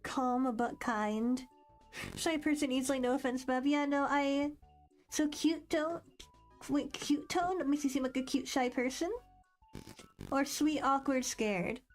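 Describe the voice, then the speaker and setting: This young woman has a high-pitched voice and speaks in an unhurried way while streaming. She chats casually and rambles as she reads quiz questions aloud, bubbly and self-deprecating. Faint music plays in the background.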